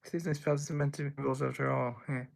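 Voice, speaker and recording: A man's voice: mid-range voice, fairly even intonation, fast talker, creaky. A young man hosting a livestream, reading chat messages aloud and answering them in a rambling, playful way. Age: young adult. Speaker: livestream host.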